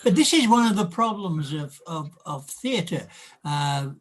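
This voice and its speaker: A man's voice: a little high, animated, unhurried. An English man with an English accent, chatting in a wry, joking way over a video call. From England. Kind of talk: casual chat.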